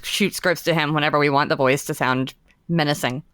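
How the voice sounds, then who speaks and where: Woman guest, low-pitched, chatty with quick asides, dry close sound. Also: steady tone, a bit bright, no room sound. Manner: chatty, quick asides, laughs between phrases. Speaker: podcast guest, social media and layout staff. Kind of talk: casual podcast chat.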